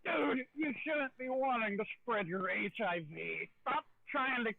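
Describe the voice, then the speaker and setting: Man playing a loud, blunt drunken hero, high voice over a tinny voice-chat line. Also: lively intonation, a little slow, gravelly, no echo, full character voice. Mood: scolding. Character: drunken lying male hero.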